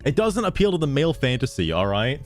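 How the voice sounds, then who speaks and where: A man's voice: medium pitch, sing-song, fast, faint music behind. Sarcastic swearing male streamer. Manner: sarcastic, swears often, laughs a lot. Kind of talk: profane live-stream reaction commentary.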